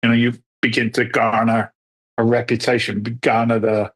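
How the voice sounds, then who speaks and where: A middle-aged man telling stories as a podcast guest, acting out the dialogue lively as he talks. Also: medium pitch, normal speed, husky. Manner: animated storyteller who acts out quoted dialogue. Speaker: podcast guest, real estate investor. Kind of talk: storytelling interview answers.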